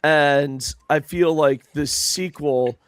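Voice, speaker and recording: Measured man in a dry-sounding podcast. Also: fairly high pitch, smooth, dry recording. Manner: measured, thoughtful. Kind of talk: casual chat.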